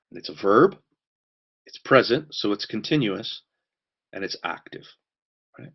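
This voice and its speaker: A man teaches a church course in a fairly low voice. He drives his points home by repeating key words. The recording sounds dull and lo-fi. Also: animated, unhurried, gravelly, pauses often, slightly rough.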